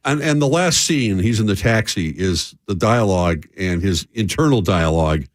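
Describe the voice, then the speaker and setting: A man's voice: on the low side, lively intonation, moderate pace, no echo, clean studio sound. A man co-hosting a sports radio show, chatting in a laid-back, agreeable way. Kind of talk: casual sports radio chat.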